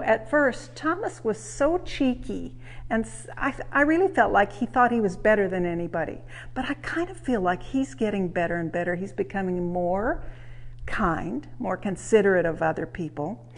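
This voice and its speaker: Woman reading a train story aloud. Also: medium pitch. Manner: warm, lively, expressive reading. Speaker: storyteller, museum host. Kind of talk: children's read-aloud. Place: railway museum.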